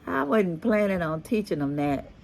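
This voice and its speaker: A middle-aged woman from Texas with a Creole accent that blends Louisiana and Galveston, chatting casually to her viewers in an unhurried, drawn-out way and calling them "y'all". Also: on the low side, animated, vocal fry, darkish tone, slight background noise. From Texas, USA. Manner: slow, drawn-out talk, often saying "y'all". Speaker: vlogger. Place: rooftop outdoors.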